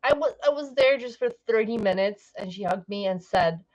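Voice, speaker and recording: A woman's voice: medium pitch, lively intonation, normal speed, darkish tone, dull audio. A woman livestreamer chatting casually, rambling and cutting herself off, with frequent laughs. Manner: rambling, self-interrupting, laughs often.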